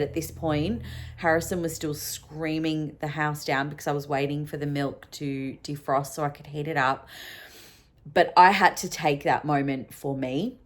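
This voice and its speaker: A young woman, a solo mum, talking openly and emotionally in a personal vlog, with lots of ums and likes. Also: sits low. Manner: open and emotional, many fillers. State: sleep-deprived.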